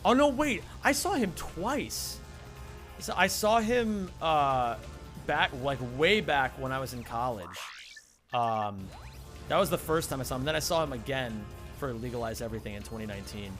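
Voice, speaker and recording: A man's voice: medium pitch, expressive, moderate pace, a bit bright, soft background music. A young man speedrunning a game, rambling through a funny story with frequent laughs and casual swearing. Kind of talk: casual chat while gaming.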